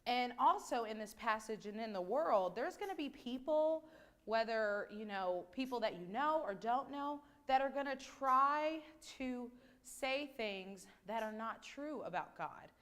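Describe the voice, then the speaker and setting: A woman leading a children's message in church, asking gentle questions and closing in prayer. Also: fairly high pitch, expressive, measured pace. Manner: gentle, conversational, asks questions. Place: church sanctuary.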